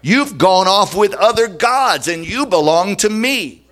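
Emphatic preaching man, somewhat high voice. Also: lively intonation, a little slow, fairly bright tone. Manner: emphatic, dramatic preaching, shifting pace. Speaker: pastor. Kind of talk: sermon.

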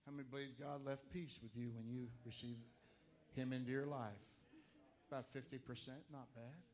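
A man preaching a sermon to a congregation, animated, moving from quiet asides to loud emphatic lines. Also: mid-range voice, moderate pace.

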